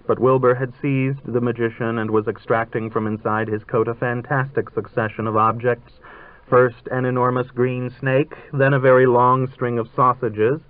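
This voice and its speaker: A man narrating a literary story in a measured, dryly ironic way, heard on a tinny old radio broadcast. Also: medium pitch, little pitch movement.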